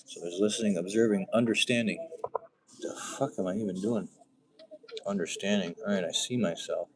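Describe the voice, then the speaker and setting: A middle-aged man hosts a livestream from his phone's front camera, talking fast in a low voice while sitting well back from the mic. He rambles with profanity and sarcasm, hopping between odd comparisons, and crowd noise comes through the phone mic.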